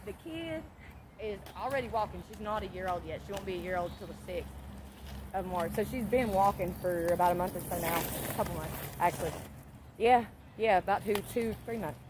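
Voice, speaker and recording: A middle-aged woman vlogging, telling an animated story in casual, profane talk and laughing often. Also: mid-range voice, fairly quick. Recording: steady background noise.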